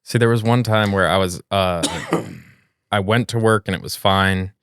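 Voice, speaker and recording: A man's voice: lowish voice, fairly even intonation, unhurried, fairly bright tone, clear, resonant tone, dry recording, clean studio sound. A man from New York co-hosting a podcast, talking in a casual, blunt, ranting way and swearing freely. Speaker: podcast co-host. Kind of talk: casual chat.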